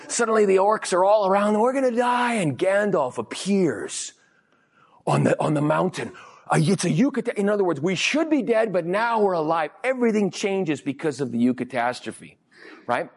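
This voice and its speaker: A man preaching a lively sermon as a pastor, acting out little quoted exchanges in different voices. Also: on the high side, husky. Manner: animated, acts out quotes in funny voices. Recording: long hall reverb.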